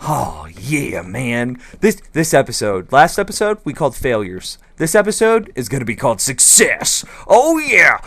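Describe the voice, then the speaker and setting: A young man hosting a game commentary, bubbly and gushing, swinging from excited squeals to quiet mumbles. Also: fairly high pitch, dry recording. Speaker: gaming video host. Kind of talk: excited Minecraft let's play commentary.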